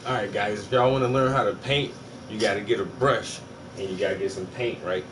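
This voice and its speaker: A man's voice: lowish voice, fairly even intonation, a little fast. A man hosting a stream, giving rambling mock painting instructions in a casual, profane way. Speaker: stream host. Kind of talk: joking casual chat. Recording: distant mic with hum behind.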